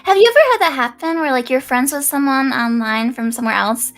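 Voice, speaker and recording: A woman's voice: high-pitched, brisk, a bit bright, soft background music. An American woman chatting as a guest, playful and self-mocking. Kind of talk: casual chat.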